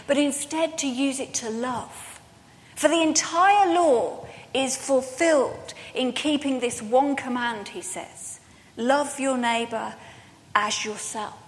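A woman with a high voice preaches a sermon, and she tells her stories in a lively way. Her voice rings out with the long reverb of a church hall. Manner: lively storytelling, acting out dialogue with laughs.

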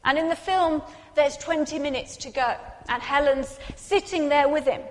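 High-voiced woman preaching in an echoing hall. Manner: dramatic, rising to intense peaks then dropping quiet. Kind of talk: sermon. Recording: long reverb in a large hall.

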